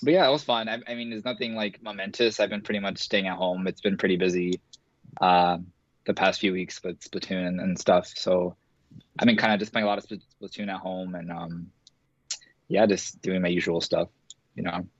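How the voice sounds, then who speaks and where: Low voiced guy guesting on a podcast over a muffled call, rambly with lots of ums and little laughs. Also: fairly even intonation, moderate pace, no echo. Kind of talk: casual chat. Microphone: video call. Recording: muffled video call audio.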